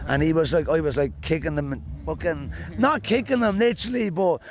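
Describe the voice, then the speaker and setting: A man from Ireland with a Dublin accent, talking in a slightly high voice. He rambles through animated, joking stories like a stand-up comedian being interviewed, casual and quick to punchlines.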